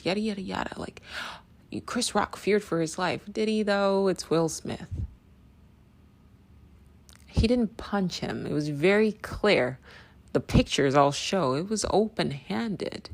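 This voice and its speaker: A woman's voice: on the low side, animated, unhurried. A woman giving a blunt, profane opinion monologue, often tossing in a rhetorical "right?". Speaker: commentator. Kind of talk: direct-to-camera opinion monologue. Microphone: video call.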